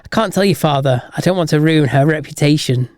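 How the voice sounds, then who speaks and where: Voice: mid-range voice, fairly quick, darkish tone, no room sound, studio quality, close to an everyday voice. A podcast host voicing a young man in a told joke who refuses to name anyone. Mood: secretive. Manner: stubbornly secretive. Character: young man confessing to a priest.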